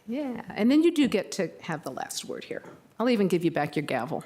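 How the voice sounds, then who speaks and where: A woman's voice: medium pitch, very animated, a little fast, warm tone, slight background noise. An older woman, a county board member, giving an informal tribute speech at a public meeting. She talks in a rambling, chatty, self-deprecating way and acts out the people she quotes.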